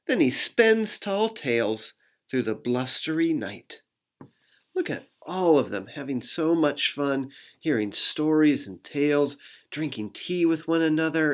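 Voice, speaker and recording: A pastor reads a children's picture book at an easy, slow pace, with lots of rise and fall in the voice. The reading is playful, with sound effects acted out along the way. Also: mid-range voice.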